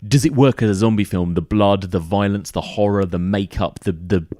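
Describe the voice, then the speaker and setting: A man's voice: fairly low pitch, moderate pace, warm tone, dry recording, studio quality. A man hosting a podcast, chatting casually about films and listing examples, with plenty of fillers. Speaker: podcast host. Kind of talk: casual film discussion.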